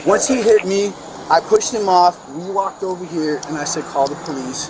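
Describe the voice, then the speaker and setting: A man outdoors at night, telling police about an assault in an agitated, rapid way. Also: sits high. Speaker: neighbor reporting an assault. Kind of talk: recounting an incident to police. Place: residential street outdoors at night. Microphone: police body camera. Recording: noisy outdoor body cam audio.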